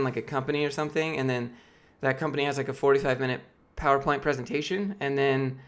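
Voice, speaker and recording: Quick-paced with few pauses, this man's mid-range voice sounds clean and fairly bright. He's in his late twenties, from Georgia, US, and his voice is fading as he rambles casually through live-stream chat questions with heavy fillers and frequent restarts.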